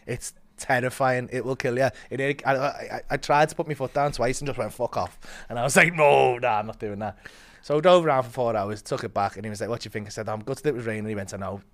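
A man's voice: medium pitch, quick pace, hardly any pauses. A young man tells a comic story on a podcast. He swears freely and laughs as he goes. He acts out the voices of the people in it. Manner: animated, swearing, laughing, acting out other voices.

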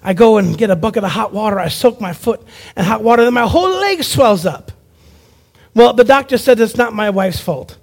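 Brief: man with a very high voice, preacher giving a lively testimony, acts out the voices in his story. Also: fairly quick, creaky. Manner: animated storyteller who acts out quoted voices. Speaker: preacher and evangelist. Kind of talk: personal testimony sermon.

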